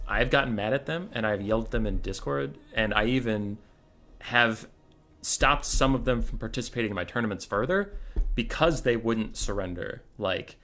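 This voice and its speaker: A man's voice: fairly low pitch, fairly bright tone. A man hosting a casual livestream who talks in a profane, rambling way and retells stories with animation. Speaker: streamer and tournament host.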